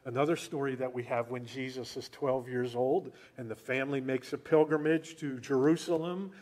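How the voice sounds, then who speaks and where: A male preacher giving a sermon, telling stories in an animated way and asking rhetorical questions. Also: mid-range voice, moderate pace.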